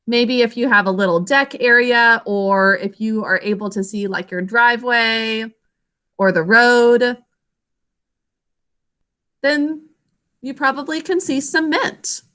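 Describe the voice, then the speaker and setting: A young woman teacher leading an online spelling lesson over a video call, clear and encouraging. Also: on the high side, slow, pauses often, bright, forceful tone.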